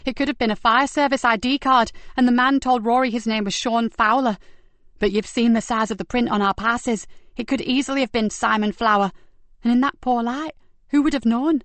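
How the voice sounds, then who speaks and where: A woman's voice: a little high, fairly even intonation, a little fast, no echo, voice pushed up, lightly acted. Woman reading as an urgent female detective. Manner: urgent, raised and strained.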